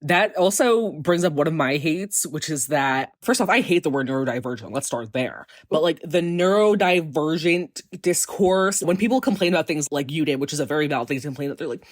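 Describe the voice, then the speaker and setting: A woman's voice: low-pitched, lively intonation, a little fast, hardly any pauses, dry recording, studio quality. A young woman co-hosting a podcast, speaking bluntly and dryly in casual chat. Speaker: podcast co-host.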